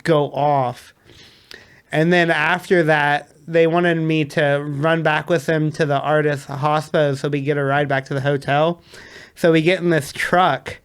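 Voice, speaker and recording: A man, a DJ, telling a story in a casual, animated way and laughing often. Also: on the high side, smooth. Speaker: DJ guest.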